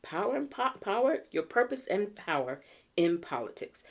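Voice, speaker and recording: An American woman doing a pick-a-card tarot reading, chatty and earnest, slowing down to read the cards aloud and clearing a tickly throat. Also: medium pitch, very animated. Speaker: tarot reader.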